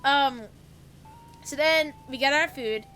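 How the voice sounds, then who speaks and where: A woman's voice: high voice, slow, sharp tone, faint music behind. A woman streamer casually telling a story to her chat, swearing freely, laughing often and breaking off to read out chat messages.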